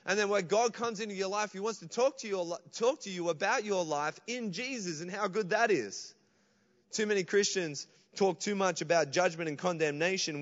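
A man's voice: fairly high pitch, a bit bright, long reverb tail, muffled recording. A man preaching a sermon as pastor, calling out to the congregation. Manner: preaching with call-outs to the congregation. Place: church.

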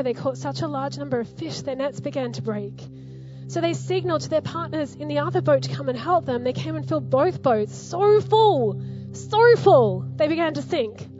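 A woman pastor preaching a sermon in an animated, conversational way, laughing often. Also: high voice, brisk, highs cut off, over music.

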